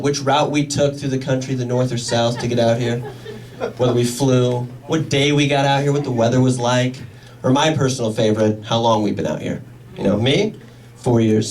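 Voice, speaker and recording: A young man from Indiana doing a stand-up comedy set in a club, animated and acting out the people in his stories. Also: mid-range voice, slight background noise. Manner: animated, acts out quoted voices. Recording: live club sound from a distance. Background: audience.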